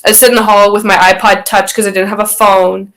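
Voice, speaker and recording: A woman's voice: medium pitch, flat delivery, brisk, a bit bright, low-quality recording. A young woman chatting as a podcast guest, telling a personal story in a rambling way, full of fillers and restarts. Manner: rambling, filler-heavy, acts out quotes. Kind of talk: casual storytelling chat.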